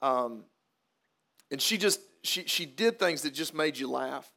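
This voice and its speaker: A man's voice: fairly high pitch, expressive, measured pace, gravelly, bright, forceful tone. A man preaching at a funeral, telling a folksy story and then turning to earnest preaching. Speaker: pastor.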